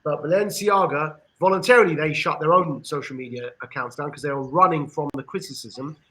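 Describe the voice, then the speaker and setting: A man with an English accent giving an earnest discussion monologue on a podcast, with frequent pauses and restarts. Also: on the high side, sharp tone, poor audio. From England. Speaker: podcast panelist.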